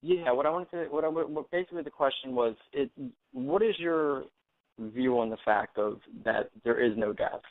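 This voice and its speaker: Gravelly man talking on a tinny phone line. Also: no echo. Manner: halting, many restarts, pitch jumps up when flustered. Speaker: call-in guest. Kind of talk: casual chat over a phone line.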